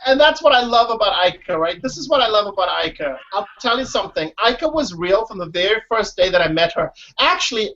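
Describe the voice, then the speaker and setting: A man's voice: high-pitched, sharp tone. A man, a guest in a casual interview, talking emphatically and often saying "listen" and "you know what I mean.". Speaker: guest, former reality show contestant. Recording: dull lo-fi recording.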